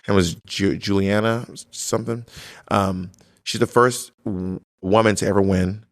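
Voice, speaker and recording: A man talking casually as a guest, an animated storyteller who acts out what others said. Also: lowish voice, a little slow, no echo, studio quality. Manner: animated storyteller, slips into quoted voices. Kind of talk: casual chat.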